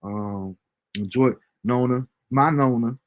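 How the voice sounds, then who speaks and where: A man hosting a casual livestream show, reading out viewer comments with a relaxed, chuckling manner. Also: medium pitch, takes it slowly, highs cut off. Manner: laid-back, chuckling often, fillers like um. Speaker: host.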